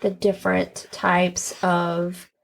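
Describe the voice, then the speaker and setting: A woman co-hosting a podcast, talking in a relaxed, informal way with lots of "like". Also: fairly low pitch, slow, creaky. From Northern Kentucky. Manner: relaxed, informal, uses "like" a lot, laughs along. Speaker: podcast co-host. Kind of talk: casual chat.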